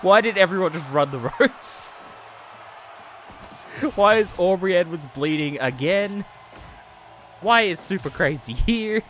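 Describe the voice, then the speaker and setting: A man with a bright, sharp voice pitched a little high, commentating a wrestling game on a live stream. He swears and laughs a lot and swings from yelling to low muttering, with faint music playing behind him. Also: lively intonation, unhurried, long pauses.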